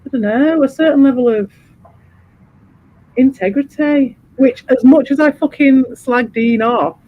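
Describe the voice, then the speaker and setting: Male streamer, high voice, sweary rambling chat, muffled lo-fi audio. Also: a little slow. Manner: swears freely, rambling and animated. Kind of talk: casual chat.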